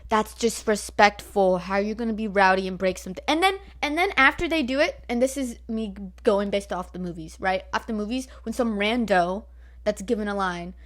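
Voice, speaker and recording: A woman's voice: medium pitch, fairly quick, a bit bright. A nineteen-year-old woman from Northern California, ranting bluntly at home into her laptop mic, swearing freely and filling her talk with likes and rights. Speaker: vlogger. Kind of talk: casual ranting storytime. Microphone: laptop built-in mic.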